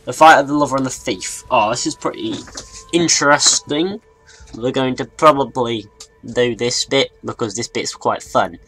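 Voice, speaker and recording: A young man with a mixed northern and southern English accent, giving rambling, excitable let's play commentary. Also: medium pitch, normal speed, slightly rough, faint music behind. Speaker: gaming YouTuber.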